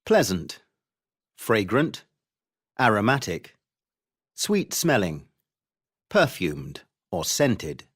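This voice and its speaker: A man reading vocabulary explanations and example sentences for a textbook, clearly and expressively. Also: on the low side, wildly swooping pitch, drawn-out words, long pauses, a bit bright. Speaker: textbook audio reader.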